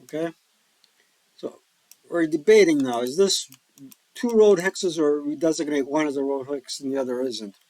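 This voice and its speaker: A man's voice: a little high, moderate pace, long pauses, darkish tone, no echo, low-quality recording. A man casually talking through a solo board wargame, joking and rambling with folksy asides. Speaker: board wargame player and host. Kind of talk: casual solo-play commentary.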